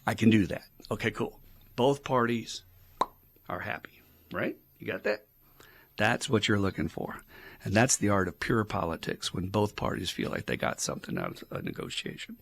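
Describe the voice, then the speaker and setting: A man's voice: lowish voice, sing-song, normal speed, gravelly, fairly bright tone, no echo. A man talking as an addiction counselor in a casual podcast, with a blunt, profane coaching manner. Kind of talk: casual advice podcast talk.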